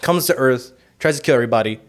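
A man's voice: medium pitch, fast. A man in casual podcast chat. He rambles and swears, filling his speech with "like" and "you know". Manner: rambling, profane, heavy use of "like" and "you know". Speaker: podcast co-host.

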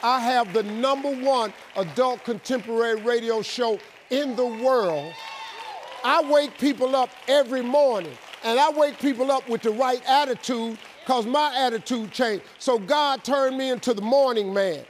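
Guy with a high voice telling a big motivational story, really animated and punchy. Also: moderate pace, a faint crowd, a little hiss or hum. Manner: animated, emphatic, acts out both sides of calls. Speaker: radio host telling a life story.

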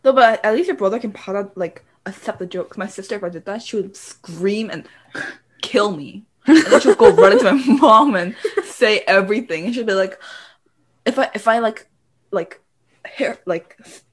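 A woman's voice: medium pitch, animated, normal speed, slightly rough. A teenage girl co-hosting a podcast, complaining about her sister with frequent laughter in casual chat. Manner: giggly, exasperated complaining. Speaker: podcast co-host.

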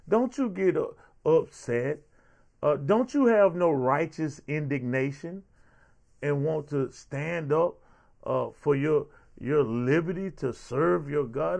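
A man's voice: medium pitch, slow pace, gravelly, darkish tone. A man hosting a show, giving heated, sarcastic political commentary with a lot of repetition. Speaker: show host.

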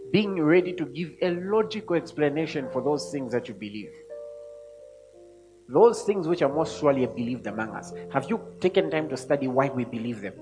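A man preaching a sermon to a congregation, speaking emphatically and rising to loud peaks when he reads scripture. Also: mid-range voice. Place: church hall. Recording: long hall reverb with faint music.

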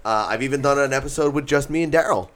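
A man's voice: mid-range voice, quick pace, fairly bright tone. A young man co-hosting a podcast in casual chat, teasing and bantering crudely. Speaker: podcast co-host.

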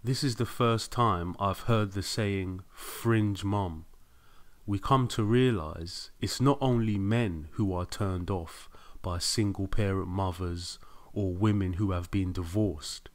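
Low-voiced man explaining calmly. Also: takes it slowly. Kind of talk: discussion.

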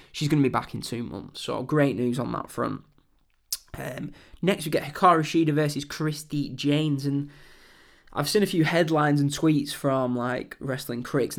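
On his wrestling podcast, a young English man recaps a show in a loose, chatty way, rambling and using lots of ums. His voice is medium-pitched and a bit bright.

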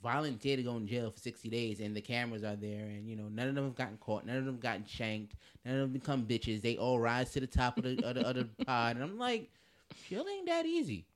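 A man co-hosting a podcast, talking in an excitable, profane, slang-filled casual chat. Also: medium pitch, fast, few pauses. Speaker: podcast co-host.

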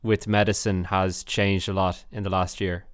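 A man's voice: sits low, little pitch movement, normal speed, clean tone, no echo, studio quality. A man hosting a podcast, asking questions in a hesitant way with many restarts. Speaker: podcast host.

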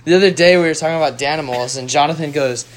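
A man's voice: a little high, fast talker, slight background noise. A teenage boy in casual chat, joking around and retelling stories about friends. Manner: joking, mimics friends in quotes.

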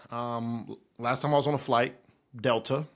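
A man's voice: medium pitch, a little slow, gravelly. A man co-hosting a podcast, telling a story in casual chat with slang and asides. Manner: relaxed, slangy, sets up stories with asides. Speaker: podcast co-host.

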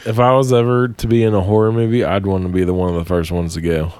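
Low-voiced, joking man. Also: little pitch movement, fast, a little mellow, clean tone, no echo. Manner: easygoing and joking. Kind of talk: casual podcast chat.

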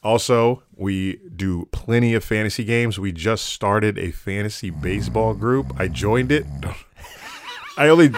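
A man's voice: fairly low pitch, a little slow. A man co-hosting a podcast, chatting casually with loose, laughing banter and frequent swearing. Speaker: podcast co-host.

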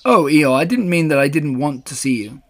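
A man voicing a kindly, simple young male bear in a storybook reading, gentle and earnest. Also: on the high side, animated, normal speed.

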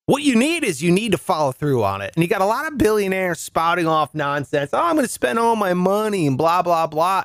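Lively riffing comedy host. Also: male voice, no echo, clean studio sound. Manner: riffing, sarcastic, jumps in pitch for jokes. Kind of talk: comedic news commentary.

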